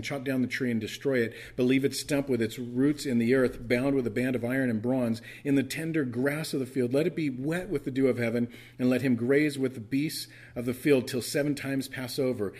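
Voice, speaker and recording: A man's voice: mid-range voice, fairly even intonation, brisk, hardly any pauses, darkish tone. A man preaching an earnest, tender sermon in a church as the pastor.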